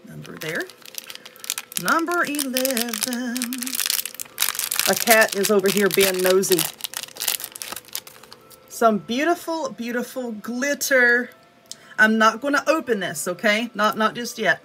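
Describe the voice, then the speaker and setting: A woman with a Southern US accent chatting excitedly to viewers as she unboxes nail art supplies, gushing over each item. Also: fairly high pitch, slow pace, pauses often, slight background noise. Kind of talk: casual unboxing chat.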